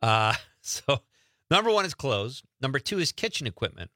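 A man's voice: medium pitch, big pitch swings, moderate pace, sharp tone, dry recording, studio quality. A man hosting a show, chatting casually and joking at his own expense. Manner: chatty, joking, self-deprecating. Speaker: show host. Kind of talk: casual radio-style chat.

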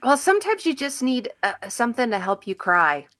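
A woman who is a regular radio guest, chatting casually and teasing the host with quick quips. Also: on the high side, sing-song, crowd noise.

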